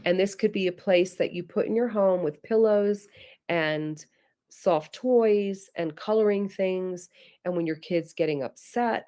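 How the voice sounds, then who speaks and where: A middle-aged woman presenting a parenting webinar, earnest and direct, sometimes acting out gentle things a parent might say. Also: lowish voice. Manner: earnest, direct, addresses listeners as guys; acts out gentle parent phrases. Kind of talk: teaching webinar talk.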